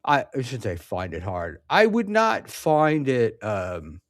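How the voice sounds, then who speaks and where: A man hosting a casual livestream, reading chat messages aloud and answering them. He talks slowly and loses his thread, full of ums and restarts, with a dry, sarcastic edge. The sound is close and dry, with no room around it. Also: mid-range voice, wildly swooping pitch, no room sound.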